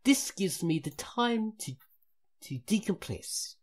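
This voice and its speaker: A woman reading a post aloud in a put-on South African accent, halting and self-mocking. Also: medium pitch, animated, voice pushed up. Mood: earnest reading.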